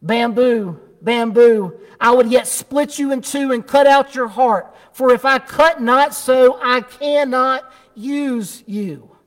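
A man's voice: extremely high pitch, big-room sound, pitched above the performer's own voice. A man playing a grave, loving garden master. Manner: grave, measured.

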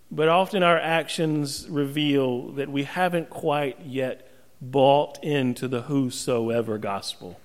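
High-pitched pastor preaching slow, pausing big for emphasis, long hall echo. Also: male voice. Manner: emphatic preaching with dramatic pauses and rhetorical questions. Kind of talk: sermon.

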